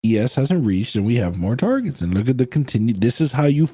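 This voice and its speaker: A man co-hosting a casual trading livestream, animated, joking and swearing. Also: mid-range voice, fairly quick, breathy edge, dry recording. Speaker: co-host.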